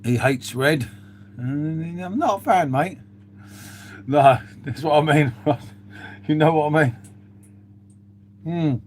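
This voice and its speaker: A man's voice: on the high side, slow pace, long pauses, darkish tone, slight background noise. A man chatting casually on a live stream, reading out viewer comments with lots of "mate" and "um".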